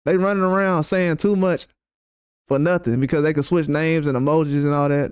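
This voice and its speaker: A man's voice: on the high side, fairly even intonation, fast, clear, resonant tone, no room sound, studio quality. A man hosting a boxing channel, ranting bluntly and heatedly at his chat with repeated, profane jabs. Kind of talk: live-stream rant responding to chat.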